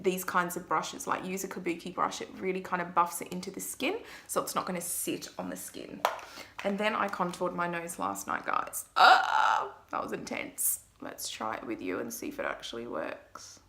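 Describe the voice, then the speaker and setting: Chatty woman with a bright, gravelly voice. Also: on the low side, expressive, normal speed. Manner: chatty, self-mocking, talks to viewers. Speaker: makeup artist. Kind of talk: makeup tutorial vlog.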